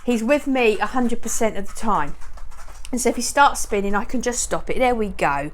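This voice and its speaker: A woman's voice: fairly high pitch, lively intonation, normal speed. A woman chatting as she shows how she trains her dogs, rambling and often cheering them on. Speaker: dog owner showing training. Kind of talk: casual how-to vlog.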